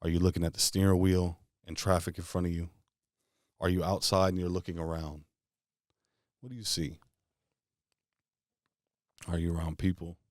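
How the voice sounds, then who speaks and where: A man's voice: sits low, level tone, darkish tone, dry recording, clean studio sound. A man guiding a visualization exercise, firing off casual questions one after another. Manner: string of rapid questions, casual phrasing. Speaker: motivational speaker. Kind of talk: guided visualization talk.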